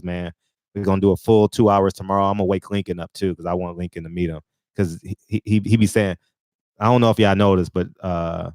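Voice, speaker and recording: Man, rambling live-stream host, loose casual chat, gravelly voice. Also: sits low, darkish tone, no echo. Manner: loose, rambling, laughs often.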